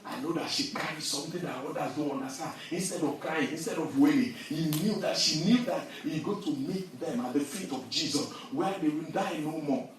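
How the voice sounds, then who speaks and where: Guy preaching, kinda high voice, real echoey hall, mic far off, gets loud on the bible verses. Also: brisk, few pauses, a little hiss or hum. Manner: animated, rising to loud emphasis when reading scripture. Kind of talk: sermon.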